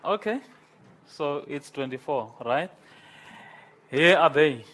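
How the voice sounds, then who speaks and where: Slow-talking man lecturing. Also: on the high side, animated, a bit bright. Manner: slow, repetitive, switches between English and Afrikaans, asks the class questions. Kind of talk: university lecture. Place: lecture room.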